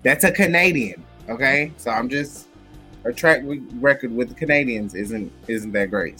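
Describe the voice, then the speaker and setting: A man's voice: mid-range voice, moderate pace, bright, forceful tone, soft background music. A man co-hosting a casual chat show, talking with sassy, dramatic asides. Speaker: podcast co-host.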